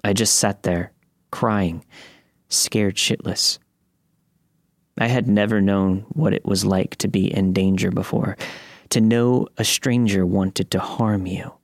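A man narrating a first-person horror story in a steady, measured reading. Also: lowish voice, no room sound, studio quality.

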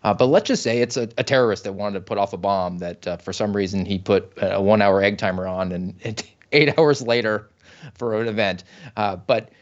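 Skeptical low-voiced male guest, lo-fi. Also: a little fast. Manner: skeptical, wry storytelling. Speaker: podcast guest. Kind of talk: casual podcast talk.

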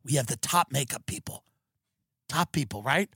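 A man hosting a podcast, animated and excitable, riffing through a comic rant with many restarts. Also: medium pitch, normal speed, breathy edge, no room sound, studio quality. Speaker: comedian podcast host.

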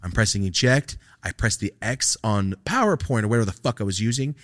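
A man hosting a podcast, telling a comic story casually with lots of swearing and animated energy. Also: fairly low pitch, fairly quick, no room sound, clean studio sound. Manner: animated, profane, acts out quoted lines. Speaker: podcast host.

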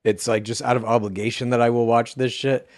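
Middle-pitched man ranting on a podcast, dry close sound, casual cursing. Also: flat delivery, fairly quick, darkish tone, no echo. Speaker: podcast co-host. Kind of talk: casual comedy chat.

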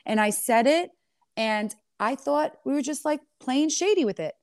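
A woman reality TV star in an interview, telling her side of a clash in a sassy, animated way and calling the listener honey. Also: high voice, normal speed, no room sound, studio quality. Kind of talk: candid storytelling interview.

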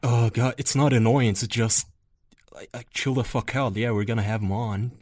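A man hosting a podcast in casual chat, excitable and swearing a lot, swinging between loud outbursts and low mutters. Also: normal speed. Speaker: podcast host.

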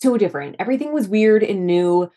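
A woman's voice: medium pitch, expressive, quick pace, dark tone. A woman in her thirties, a podcast guest, telling her story in an open, easygoing way. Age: 30s. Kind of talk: casual interview chat.

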